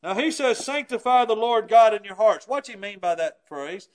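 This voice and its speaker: A man preaching a sermon with a notably high voice. He speaks earnestly and with emphasis, pressing his listeners with rhetorical questions. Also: expressive, moderate pace, rough recording.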